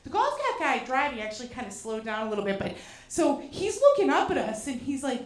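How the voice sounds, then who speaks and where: Woman from Boston, high voice, animated, profane, self-mocking comic storytelling in a roomy, echoing venue. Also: fairly quick. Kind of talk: comedic personal storytelling. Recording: roomy echo.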